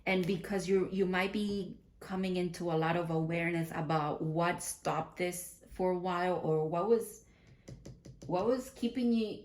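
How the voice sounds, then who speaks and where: A woman's voice: fairly low pitch, darkish tone, a little hiss or hum. A woman giving a casual spiritual tarot card reading, chatty and giggly, thinking aloud and often restarting her sentences. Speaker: tarot reader.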